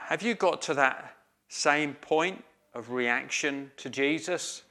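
A man preaching a sermon slowly and emphatically, with some hesitant fillers. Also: on the high side, animated, bright, forceful tone.

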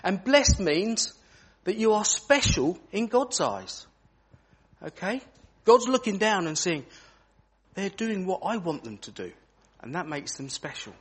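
Man giving a church children's talk, slightly husky, bouncy and animated delivery, fairly high for a man. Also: unhurried. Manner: animated, asks children questions.

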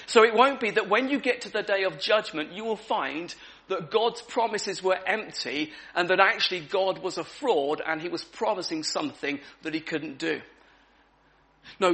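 A man delivers a sermon in a high, bright and forceful voice. He talks in a relaxed, conversational way, with frequent ums, and repeats his key words to drive them home. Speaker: preacher. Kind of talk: evening sermon.

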